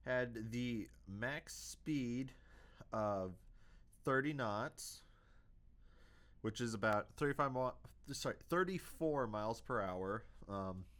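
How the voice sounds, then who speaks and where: A man's voice: mid-range voice, fairly bright tone. A young man hosting a casual history video, hesitant, with many fillers and self-corrections.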